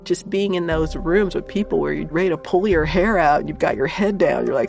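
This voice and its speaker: A woman's voice: sits low, a little fast, creaky, a little mellow, soft background music. A woman spacecraft engineer telling work stories in an interview, acting out her own quotes with animation. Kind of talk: interview storytelling.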